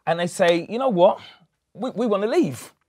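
A man hosting a casual talk show, telling his take through an acted-out example. His pitch swoops in a lively way and sits a little high for a man. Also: normal speed. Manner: animated storyteller, acts out voices in his examples. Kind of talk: casual chat.

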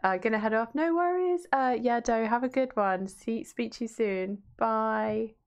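A slightly high, smooth voice with fairly even intonation and a measured pace belongs to a Yorkshire woman streaming a video game. She chats casually with viewers, reads the chat aloud and swears freely.

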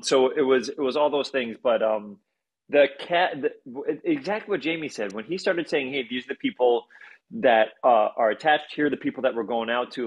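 A man, an actor on a panel, talking in an excitable, gushing and playful way. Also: medium pitch, husky, lo-fi sound. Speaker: actor and guest. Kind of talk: panel interview answers.

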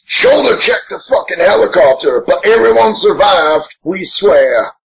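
Voicing a huge, grumpy green monster, this man co-hosts an in-character watch-along that's crude, brash, rambling and heavy on swearing. It's a full character voice: high-pitched and animated with vocal fry, at a measured pace, on poor audio.

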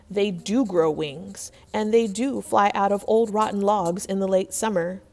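A woman reading a folktale aloud in a measured, expressive storytelling manner. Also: medium pitch. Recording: long hall reverb.

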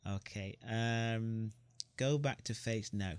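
A man's voice: medium pitch, normal speed, no room sound. A man reading the narration of a story game aloud, with joking asides. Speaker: gamer.

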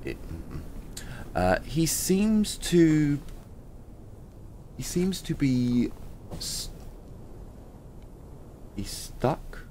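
A man's voice: fairly high pitch, sing-song, drawn-out words, long pauses, warm tone, slight background noise. A man in a let's-play video, reading the game's text aloud and stumbling over words as he corrects himself. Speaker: gaming YouTuber.

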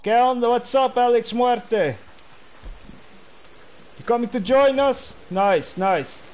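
A man's voice: very high voice, slow, darkish tone. A man livestreaming a game, chatting casually and greeting players as bro. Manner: friendly, greets players, calls them bro. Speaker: game streamer.

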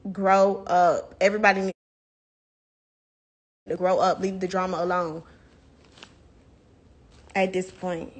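A woman's voice: lowish voice, flat delivery, takes it slowly, long pauses. A young woman ranting bluntly and profanely into her phone on a livestream. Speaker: livestream host. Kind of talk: heated casual livestream rant.

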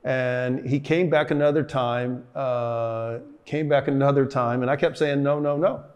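An older man who used to play football looks back on his life in an interview, telling stories loosely with many fillers and restarts. His voice is medium and steady, a little slow and darkish, and the highs are cut off.

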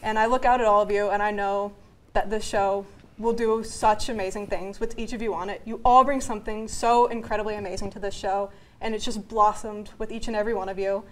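A woman's voice: medium pitch, steady tone, fairly quick, low-quality recording. A young woman from a student TV show cast giving an earnest, emotional farewell speech. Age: young adult.

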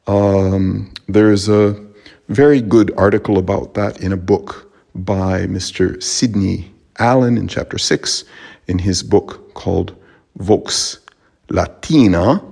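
Male teacher, low husky gravelly voice, slow thoughtful lesson delivery. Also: mellow. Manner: unhurried, thoughtful, many fillers and restarts. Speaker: Latin teacher. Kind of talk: spoken lesson on pronunciation and meter.

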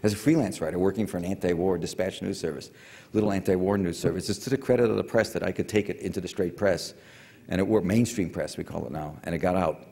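An older man with a very low voice tells a long story to a lecture audience, wandering off on tangents and restarting his sentences. His voice rings with the long reverb of a big hall. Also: fast talker, creaky, dark tone. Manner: rambling, digressive, many fillers and restarts.

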